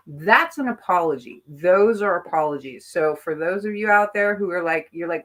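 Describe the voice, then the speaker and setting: Bright-toned woman in casual chat. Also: lowish voice, normal speed, few pauses. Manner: animated, acts out quoted apologies. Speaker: tarot podcast host.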